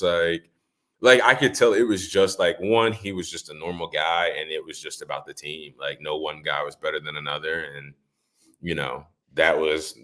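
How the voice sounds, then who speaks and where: A young man in his twenties, a former football player, casually telling stories on a podcast, rambling with many fillers. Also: sits low. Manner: relaxed, rambling with many "like" fillers, acts out quotes. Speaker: guest, former running back.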